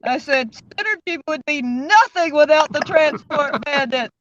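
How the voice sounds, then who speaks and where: Chatty woman cohosting a stream, kinda high voice, dull lo-fi audio w/ faint hiss. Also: lively intonation, unhurried, fairly bright tone. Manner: chatty, laughs often. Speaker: co-host of a livestream. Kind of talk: casual group chat.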